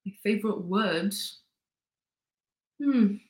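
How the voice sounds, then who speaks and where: A woman in her 20s from Gibraltar speaks slowly in a medium-pitched, darkish voice, and the recording is reverberant. She's a guest in a casual interview, chatty and upbeat, her speech full of "like" and "you know".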